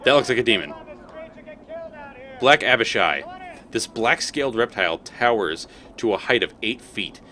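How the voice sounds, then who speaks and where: Bright-voiced man streaming a game. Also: fairly low pitch, expressive, moderate pace, long pauses. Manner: reads game text aloud, exclaims. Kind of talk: live game playthrough, reading aloud.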